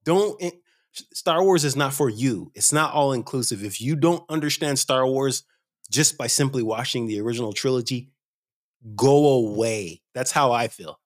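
A man's voice: medium pitch, normal speed, no room sound, clean studio sound. A man hosting a casual podcast, opinionated and emphatic when he gets going. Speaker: podcast host.

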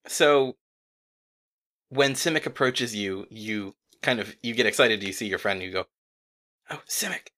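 Guy gm narrating a tabletop game, bright voice, easygoing, chuckly. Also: fairly low pitch, unhurried. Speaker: game master.

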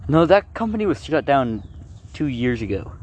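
A man's voice: mid-range voice, sing-song, normal speed, darkish tone. An easygoing man co-hosting a casual chat, rambling as he explains his plans. His delivery rises and falls a lot. There is a faint noise in the background. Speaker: co-host.

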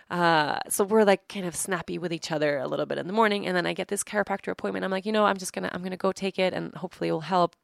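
A woman's voice: sits low, creaky, no room sound, studio quality. A woman in her thirties hosting a podcast, telling a story casually in a chatty, exasperated way with lots of fillers. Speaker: podcast host.

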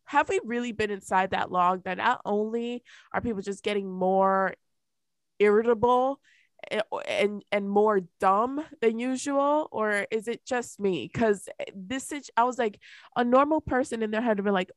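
A woman's voice: moderate pace, dry recording. A woman co-hosting a casual chat podcast, telling a story with lots of swearing and acted-out quotes. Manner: animated, profane, acts out quotes in a raised pitch. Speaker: podcast co-host.

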